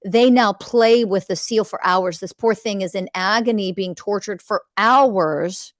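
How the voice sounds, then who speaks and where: A woman's voice: mid-range voice, unhurried, dry recording, clean studio sound. A woman hosting a spiritual coaching podcast, speaking in a blunt, emphatic monologue full of swearing and urgent pleas to her listeners.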